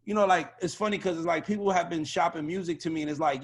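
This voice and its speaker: A man speaking on a video call as an A&R panelist, blunt, profane and animated in a casual panel discussion. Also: on the high side, fast talker, few pauses, slightly rough. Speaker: record label A&R panelist.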